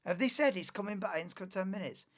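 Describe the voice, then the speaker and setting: A man's voice: high-pitched, animated, a little fast, a bit bright. A young man hosting a live race watchalong, chatting casually, muttering asides and swearing freely.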